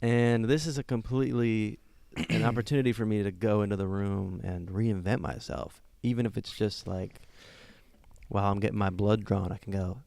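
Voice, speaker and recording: Low gravelly guy rambling funny stories on a podcast, dry close mic. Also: steady tone, moderate pace, darkish tone, no echo. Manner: rambling storyteller, jokey voices. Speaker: podcast co-host. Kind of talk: casual comedic chat.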